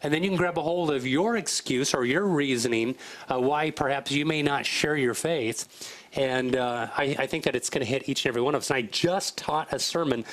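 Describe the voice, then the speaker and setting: A man co-hosting a faith talk show in earnest, fast bursts, repeating his points. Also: mid-range voice, a bit bright, low-quality recording. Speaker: co-host. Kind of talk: casual talk show chat, preachy.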